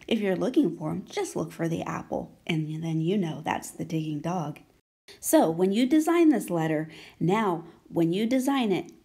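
A woman with a slightly husky, breathy voice that sits a little low, leading a children's handwriting lesson. She talks gently and patiently, checking again and again that her young learners are following along. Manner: gentle, slow and encouraging, asking many check questions. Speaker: handwriting teacher.

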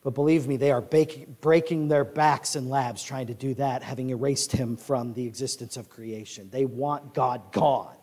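A male pastor preaching a sermon, reading scripture with force and dropping to a quiet storytelling voice. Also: medium pitch, steady tone, normal speed, hardly any pauses. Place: church sanctuary. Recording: echoey church sanctuary reverb.

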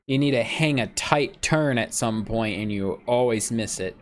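A man streaming a game, rambling chattily about it and now and then jumping into squeaky joke voices. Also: normal speed, slight background noise. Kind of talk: casual gameplay commentary.

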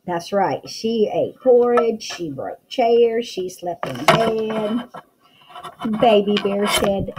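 A woman's voice: on the high side, slow pace, noisy background. A woman teacher reading a picture book aloud to young children, full of exclamations and questions to the listener.

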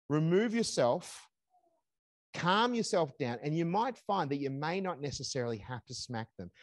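An older man leading a parenting seminar, with a slightly high voice that rises and falls a lot. He talks in a conversational way and slips into calm parent dialogue. The sound is dry and close. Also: no echo. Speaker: seminar speaker.

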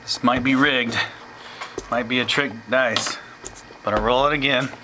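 A teacher, a man with an ordinary mid-pitched voice, takes listeners through a tutorial one step at a time at a slow, deliberate pace. His explanations are plain and sprinkled with asides. A constant noisy hiss sits beneath the recording.

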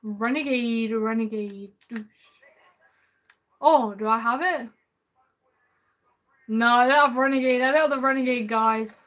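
A woman's voice: high-pitched, a little slow, pauses often, a bit bright. A woman streaming gameplay live, chatting with viewers in an upbeat way and calling them man and bro. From United Kingdom.

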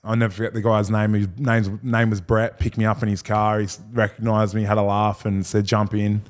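A man's voice: fairly low pitch, completely flat delivery, a little fast. A man in his thirties with an Australian accent, a guest telling rambling, slangy stories and laughing through them. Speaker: guest, former rugby league player. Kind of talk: casual storytelling chat.

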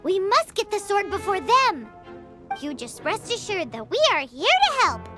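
A tiny, treasure-hungry game companion who chirps and blurts, pitched extremely high. Her lines leap all over the scale, and game music plays clearly beneath her. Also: unhurried, exaggerated voice. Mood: eager. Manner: excitable, bouncy, blurts things out. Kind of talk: game dialogue. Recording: game audio with music behind.

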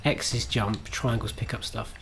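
A man's voice: medium pitch, steady tone, normal speed, gravelly, a bit bright, a little hiss or hum. A man streaming himself playing a game, chatting to viewers in a self-mocking way, swearing and laughing at his own mistakes. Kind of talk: live gameplay commentary.

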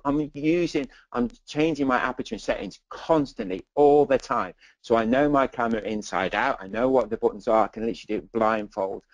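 A man's voice: mid-range voice, dry recording, rough recording. A man teaching dog photography in a webinar, chatty and enthusiastic, with many asides like "okay". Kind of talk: presenting slides in a webinar.

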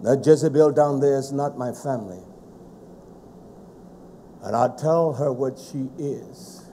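A man preaching a fiery sermon, forceful and scolding, with heavy emphasis. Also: medium pitch, a little slow, a little hiss or hum.

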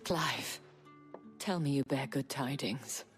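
A woman's voice: slow pace, faint music behind. An actress voicing a shrewd, guarded woman who trades in favors, speaking formally and measuredly in a video game. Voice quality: husky, gravelly, low.

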